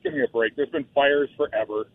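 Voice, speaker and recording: Gravelly man on a tinny phone line. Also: mid-range voice, a little fast, dry recording. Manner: exasperated, animated. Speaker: radio show regular calling in. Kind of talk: talk radio chat over the phone.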